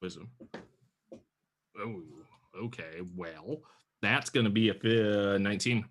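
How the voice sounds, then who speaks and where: A man's voice: fairly low pitch, slow pace. A man playing in a tabletop game, chatting casually and joking with the table. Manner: jokey, playful. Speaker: player.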